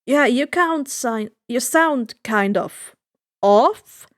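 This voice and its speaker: A woman's voice: fairly high pitch, expressive, extremely slow, no room sound, clean studio sound. Woman reading a wry, skeptical Greek sailor man. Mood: puzzled. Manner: puzzled, wry. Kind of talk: fan fiction audiobook reading.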